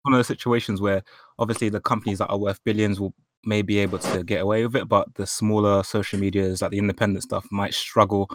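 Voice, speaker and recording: A man's voice: fairly low pitch, level tone, fast talker, dry recording. A man with an Italian accent in a casual group chat, hesitant and full of fillers. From Italy. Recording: noisy remote line.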